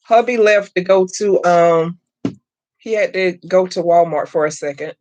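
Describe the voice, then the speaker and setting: A woman's voice: medium pitch, normal speed, a little mellow, dull audio. A middle-aged woman, hosting a live craft stream and chatting with viewers as she works. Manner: chatty, addresses viewers as y'all, greets chat by name. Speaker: craft channel host. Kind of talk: casual live-stream chat while crafting.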